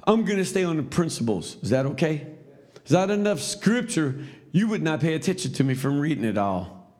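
A man's voice: on the high side, sing-song, a little fast, a little mellow. A man teaching a Sunday school class, telling a story in a loose, conversational preaching style with asides to the class.

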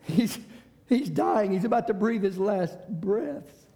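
A man preaching a sermon, swinging between shouted climaxes and hushed passages. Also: high-pitched, expressive, takes it slowly, gravelly.

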